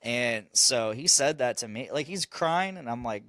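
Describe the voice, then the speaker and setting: A man's voice: mid-range voice, animated, normal speed, hardly any pauses, a bit bright, smooth, dry recording. A man telling a parenting story on a casual podcast, swearing and laughing as he goes. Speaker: podcast host; father.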